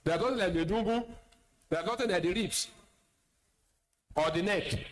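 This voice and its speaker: Higher-voiced Nigerian imam preaching. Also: male voice, moderate pace, a crowd in the background, rough recording. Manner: plain-spoken, teasing asides, repeats words. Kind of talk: sermon lecture.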